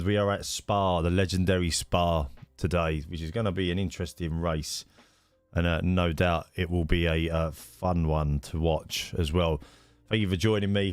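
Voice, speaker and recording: Male streamer, deep voice, dry close sound, faint music underneath, chatty host greeting his viewers. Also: clear, resonant tone, dry recording. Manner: chatty, greets viewers by name, many fillers. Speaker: streamer hosting a racing league. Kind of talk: casual live-stream chat.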